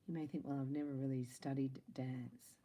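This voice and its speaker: A woman's voice: a bass voice, level tone, moderate pace, dark tone, poor audio. A woman giving a casual spiritual reading to her viewers, chatty and playful, laughing between lines. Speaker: psychic tarot reader.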